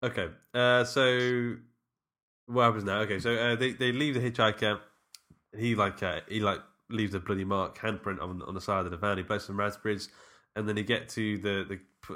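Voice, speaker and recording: A man with a fairly low voice and a bright, forceful tone, chatting casually as a podcast co-host. He rambles, restarts his sentences and laughs often while recapping a film. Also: steady tone, moderate pace.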